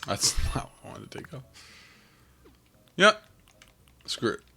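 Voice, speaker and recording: A man chatting casually as he plays a game, with a rough morning voice, rambling and thinking aloud. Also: medium pitch, sing-song, unhurried, bright, forceful tone, a little hiss or hum. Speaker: game streamer. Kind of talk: casual gameplay commentary.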